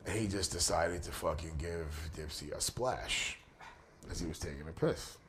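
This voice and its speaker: A man's voice: low voice, moderate pace, fairly bright tone, a little hiss or hum. A middle-aged man, a pro wrestler, telling a crude road story as an interview guest, swearing constantly and laughing through it. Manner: profane, laughs through his own stories. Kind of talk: casual storytelling anecdote.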